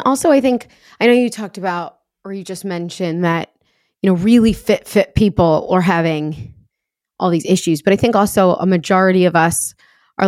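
A woman's voice: on the low side, no echo, clean studio sound. A woman hosting a podcast interview in a casual, chatty, upbeat way. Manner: chatty, upbeat, lots of fillers. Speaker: podcast host.

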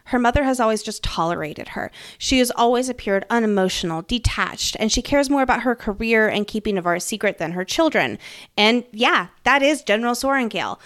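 A young woman co-hosting a book podcast, talking in an earnest, reflective way that turns emotional. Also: medium pitch. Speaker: podcast co-host. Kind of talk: casual book discussion.

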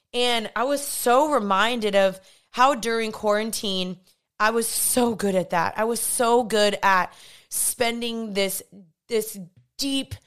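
A young woman hosting a podcast, telling a personal story in a candid, chatty way and acting out what people said. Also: medium pitch. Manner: candid, chatty, animated storytelling with acted-out quotes. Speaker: podcast host. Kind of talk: personal faith-based podcast monologue.

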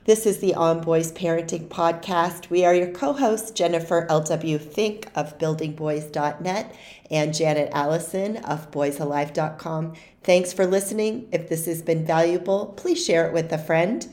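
A woman's voice: sits low, normal speed, a little mellow. A woman co-hosting a parenting podcast, thanking her guest and addressing listeners encouragingly. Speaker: podcast co-host. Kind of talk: podcast interview and outro.

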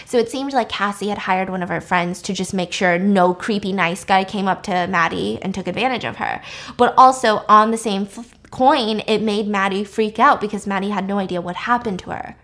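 A woman's voice: mid-range voice, moderate pace, fairly bright tone. A woman casually and animatedly retelling a film plot, talking in a chatty way with lots of fillers. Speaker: storyteller recapping a film.

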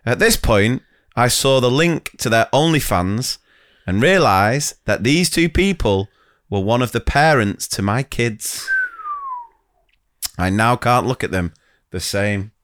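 Lively, smooth-voiced male podcast host. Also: mid-range voice, slow pace. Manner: laughs often while reading stories aloud. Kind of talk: casual podcast chat, reading listener stories.

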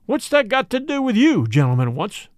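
A man voicing a rough, bad-tempered male bush publican who blusters and shouts. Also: high voice, very animated, normal speed, no echo, clean studio sound. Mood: belligerent.

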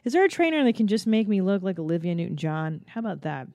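A woman in her forties hosts a podcast and rambles through a comedic monologue, swearing freely and mocking herself. Her voice sounds mellow and warm. It was recorded close and dry, with no room sound. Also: medium pitch, sing-song, fast talker, no room sound. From Los Angeles area. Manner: rambling, profane, self-mocking. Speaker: podcast host.

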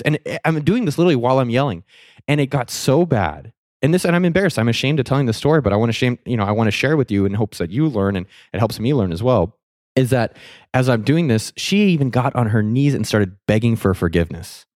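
A young adult man telling a candid, self-mocking story in a casual monologue, swearing freely and turning animated at key moments. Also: mid-range voice, a little fast, no echo, clean studio sound. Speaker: vlogger telling a personal money lesson.

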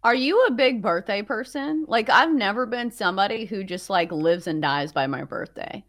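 A woman's voice: mid-range voice, expressive, normal speed, fairly bright tone, no echo, studio quality. A young woman co-hosting a sports podcast, chatting in a wry, easygoing way and filling her talk with "like". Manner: chatty, heavy use of "like", wry. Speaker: sports betting podcast co-host. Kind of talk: casual chat.

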